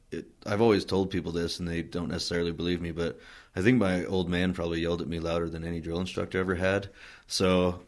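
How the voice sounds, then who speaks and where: A man from Wyoming, a Marine veteran being interviewed, telling his story in a relaxed, rambling way with many fillers and restarts. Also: sits low. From Wyoming, USA. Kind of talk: casual oral-history storytelling.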